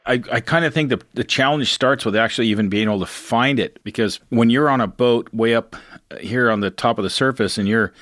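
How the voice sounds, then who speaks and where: A middle-aged man, a fisherman, telling his own story in a rambling, animated way, often laughing as he talks. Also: mid-range voice, brisk. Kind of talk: casual storytelling interview.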